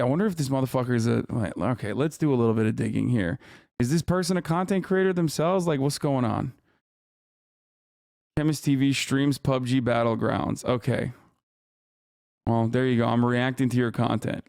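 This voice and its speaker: Streamer guy in his 30s yelling at chat, swears nonstop, dry close mic, no room sound. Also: medium pitch, smooth, no echo. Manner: profane, combative, mocking chat. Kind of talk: live stream reaction rant.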